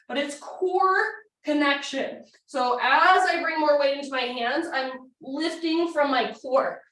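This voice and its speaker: A woman's voice: high voice, fairly bright tone. Woman yoga instructor, breezy instruction, a bit out of breath, in a very echoey space. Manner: casual, encouraging cues while demonstrating poses. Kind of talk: guided yoga class instruction. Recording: echoey room, mic at a distance.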